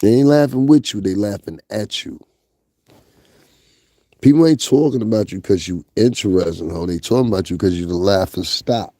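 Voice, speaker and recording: With a mellow, lowish voice and a Northeastern US accent, a vlogger chats casually about gossip at normal speed, speaking bluntly and cursing as he addresses the camera. The recording is close and dry, without room sound.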